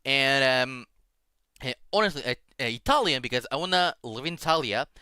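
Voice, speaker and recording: An excitable man chatting casually as a stream guest, his pitch swooping all over as he talks. His tone is bright and forceful, and he stumbles through plenty of fillers. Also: fairly quick, clear, resonant tone, no room sound, studio quality. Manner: excitable, laughs loudly, many fillers. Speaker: guest Vtuber. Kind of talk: casual collab stream chat.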